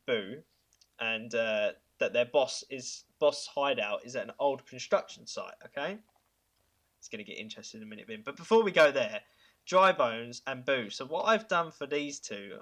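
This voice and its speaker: A man hosting a casual podcast, pitching ideas with enthusiasm. His tone is bright and forward, with many halting fillers and chuckles. His pitch sits in a middle range. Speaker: podcast host.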